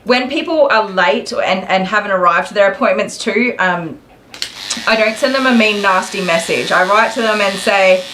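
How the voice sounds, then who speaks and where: Woman in her thirties, chatty groomer talking to a live stream as she works, with electric clippers buzzing clearly in the background. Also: medium pitch, moderate pace, background noise. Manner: rambling, chatty, talks to viewers while grooming. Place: grooming salon. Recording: clipper buzz behind the voice.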